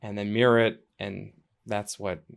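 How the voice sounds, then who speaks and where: A man hosting a podcast, supportive and quick to affirm his guest. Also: fairly low pitch, flat delivery, gravelly, clear, resonant tone. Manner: supportive, with frequent short affirmations. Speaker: podcast host. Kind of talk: casual conversation.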